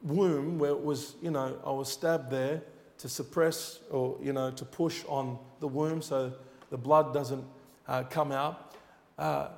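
A man's voice: mid-range voice, fairly even intonation, unhurried, gravelly, a little mellow. A man preaching a sermon, telling a personal testimony in an earnest, storytelling way with rising emphasis. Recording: long hall reverb.

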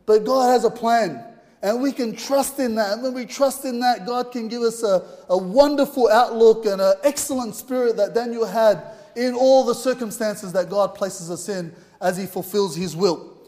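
A man's voice: high-pitched, normal speed, a little mellow. A man preaching a sermon in an informal, earnest way, telling a story with fillers. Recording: long hall reverb.

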